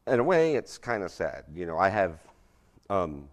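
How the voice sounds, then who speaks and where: Man, middle-aged, very deep voice, chatty presenter, lots of ums, asks the room "right?". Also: big pitch swings, moderate pace. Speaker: presenter speaking to a church group. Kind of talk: casual interactive presentation with an audience quiz. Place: room with a live audience.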